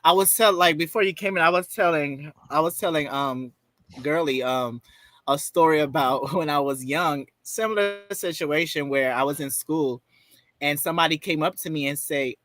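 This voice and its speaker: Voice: medium pitch, a little fast, fairly bright tone, no echo. A chatty co-host tells a story in a loose, conversational way, laughing easily along the way. The voice sits in a middle register, and the recording is close and dry. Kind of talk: casual movie discussion.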